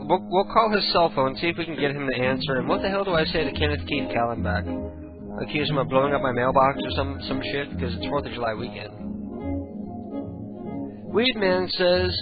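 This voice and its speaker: A man's voice: medium pitch, animated, moderate pace, pauses often. A man hosting a radio show, talking in a loose, crude, offhand way. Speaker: host. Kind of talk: casual radio show chat. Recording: phone-like lo-fi sound with loud music. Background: loud music.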